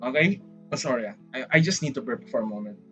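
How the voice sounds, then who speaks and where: A man with a Filipino accent chatting casually on a livestream, rambling and excitable, often saying "freaking". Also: mid-range voice, fast, muffled recording, faint music behind. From Philippines. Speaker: VTuber streamer.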